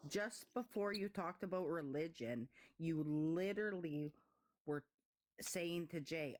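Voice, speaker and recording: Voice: mid-range voice, takes it slowly, darkish tone. Indignant livestream guest. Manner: indignant, agreeing with frequent mm-hmms. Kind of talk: heated livestream discussion.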